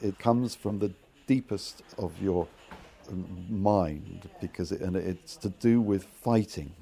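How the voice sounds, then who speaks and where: A man in his fifties, a playwright, giving personal testimony in halting speech, stumbling and searching for his words. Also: lowish voice, gravelly, mellow, breathy edge, no echo. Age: 50s.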